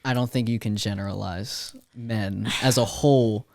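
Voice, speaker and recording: A man hosting a casual podcast, calmly asking his guests questions. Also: fairly low pitch, moderate pace, creaky. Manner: calm, asks the guests questions. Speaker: podcast host.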